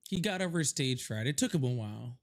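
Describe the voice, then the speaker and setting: A man hosting a livestream who rambles casually and laughs easily. His pitch sits in an ordinary middle range, and he thanks viewers between his thoughts. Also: animated, quick pace. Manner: loose, rambling, laughs often, reads donations aloud. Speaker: livestream host.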